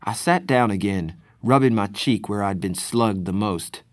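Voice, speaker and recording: A man narrating a novel in the first person, in a measured, deliberate storytelling manner. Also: lowish voice, dry recording, clean studio sound. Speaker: audiobook narrator.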